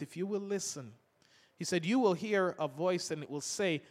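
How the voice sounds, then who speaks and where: A man's voice: sits high, moderate pace, big-room sound. An older man preaching a sermon, reading scripture aloud between homely stories.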